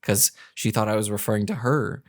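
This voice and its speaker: A young man with a fairly low voice tells a story on a podcast, loose and rambling, full of fillers and false starts. The recording is dry, with no room sound. He talks casually as a co-host. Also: brisk, dry recording. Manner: rambling, many fillers and restarts.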